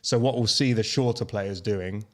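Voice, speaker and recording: A man hosting a golf podcast, calmly explaining a course and teasing his co-host. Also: fairly low pitch, moderate pace. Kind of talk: casual chat.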